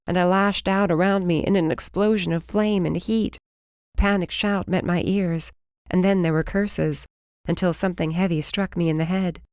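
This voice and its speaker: Female audiobook narrator, lower voice, dry close recording, steady first-person read. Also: no echo.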